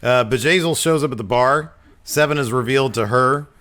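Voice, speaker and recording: A man co-hosting a podcast, recapping an episode step by step with lots of ums and quick quoted lines. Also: mid-range voice, a bit bright. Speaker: podcast co-host.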